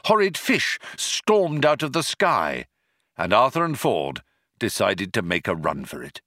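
A man narrating a story in a measured, wry storytelling manner. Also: lowish voice, wildly swooping pitch, pushed and bright, no echo, studio quality. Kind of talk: audiobook narration.

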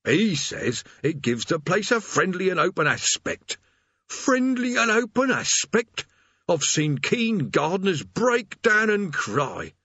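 A man voicing a weary, put-upon male demon who guards hell's door, rasping and mournful as he recites a cheery customer-service script. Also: sits high, sing-song, slow pace, sharp tone, no echo, dull audio, voice pushed up, full character voice. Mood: mournful grumbling.

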